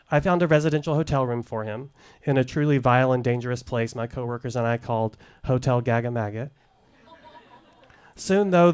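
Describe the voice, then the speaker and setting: A middle-aged man telling a candid personal story at a live showcase, deliberate and wry, into a stage microphone. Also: mid-range voice, clean tone. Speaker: storyteller, former case manager.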